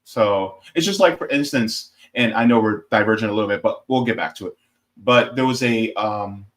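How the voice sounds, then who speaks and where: A man's voice: lowish voice, fairly bright tone. An American man, a guest on a casual political chat, explaining his points with hesitant restarts and little stories. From United States.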